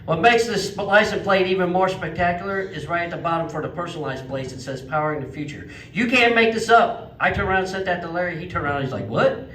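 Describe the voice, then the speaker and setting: A man doing a stand-up comedy set at a legion hall, telling folksy stories and jumping to a high voice for quoted outbursts. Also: quick pace, few pauses, a bit bright, a little hiss or hum. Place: legion hall stage before a live audience. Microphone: handheld microphone, picked up from some distance. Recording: echoey hall, mic at a distance.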